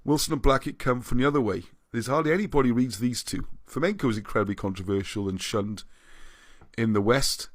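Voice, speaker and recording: A man's voice: medium pitch, a little fast, no room sound. A man hosting a livestream and reading out viewer comments, rambling and often restarting his sentences. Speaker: livestream host.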